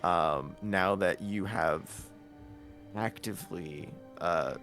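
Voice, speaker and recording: A man running a tabletop game as game master, narrating casually with halting fillers. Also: deep voice, fairly bright tone, faint music behind.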